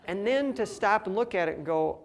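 A young man and father giving a conversational, humorous sermon and reading scripture slowly. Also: sits high, animated. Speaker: pastor.

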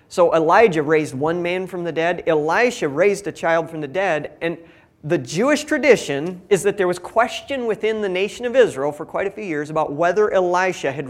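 A man reading a Bible passage aloud and explaining it in a casual, conversational way, acting out the quoted lines in different voices. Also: fairly high pitch. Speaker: Bible teacher. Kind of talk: scripture reading with casual commentary.

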